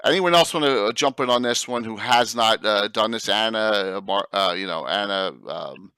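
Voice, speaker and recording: Bright-voiced male panel host. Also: lowish voice, moderate pace, smooth, no echo, clean studio sound. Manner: energetic, laughs often, prompts guests by name. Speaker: host of a game masters' roundtable. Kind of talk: casual panel chat.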